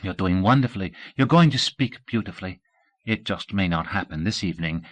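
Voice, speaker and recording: A man reading a novel aloud, voicing a patient female speech teacher in a brisk, coaxing way. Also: sits low, expressive. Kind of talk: audiobook character voice.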